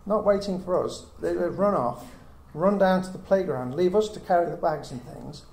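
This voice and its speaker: Speaking at a normal pace, a middle-aged Bible teacher addresses a small group, working through scripture with earnest reasoning and frequent rhetorical questions. His pitch runs a bit high, though the tone stays mellow. A faint hiss and an echoey room surround him.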